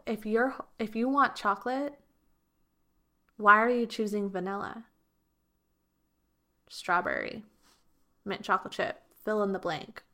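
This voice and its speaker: A woman's voice: mid-range voice, a bit bright. Earnest woman podcast coach. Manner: earnest, repetitive, acts out quoted voices. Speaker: podcast host and relationship coach. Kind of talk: reflective solo podcast talk.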